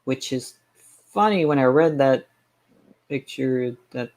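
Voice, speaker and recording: A man's voice: medium pitch, lively intonation, slow, darkish tone, slight background noise. A man chatting casually on a live stream, ranting sarcastically and rambling with frequent restarts. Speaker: game streamer.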